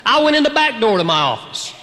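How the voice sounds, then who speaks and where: Animated preacher, high bright voice, echoing hall. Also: male voice, fast talker. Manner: animated storytelling, shifting from loud to hushed. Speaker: pastor. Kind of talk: sermon.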